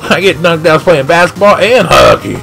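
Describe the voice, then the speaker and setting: A man commentating his own video game play live, excitable and shouting at the action. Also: on the high side, moderate pace, creaky, soft background music. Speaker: gaming channel host.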